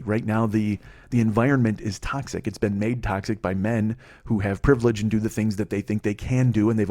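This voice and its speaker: A man's voice: fairly low pitch, a little mellow. A man in his forties from Illinois hosts a comedy podcast, telling rambling, heavily profane, self-mocking stories. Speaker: podcast host. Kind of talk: comedic storytelling monologue.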